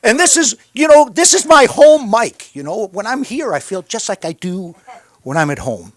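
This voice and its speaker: A man's voice: high-pitched, sing-song, normal speed, dry recording. A man hosting an open mic comedy night, bantering sardonically with the audience. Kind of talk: stand-up crowd work and hosting. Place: comedy club stage.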